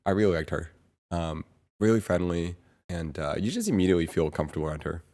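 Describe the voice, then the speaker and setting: A man's voice: low voice, expressive, fast talker, a little mellow. A man chatting casually on a stream, rambling and searching for words with lots of fillers and the odd chuckle. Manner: chuckles between phrases. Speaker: streamer's brother, guest on stream. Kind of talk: casual chat.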